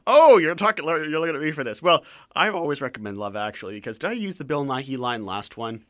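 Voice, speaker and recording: A man's voice: mid-range voice, quick pace. A man co-hosting a casual radio talk show who drifts into digressions and trivia. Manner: animated, digressive, trivia-prone.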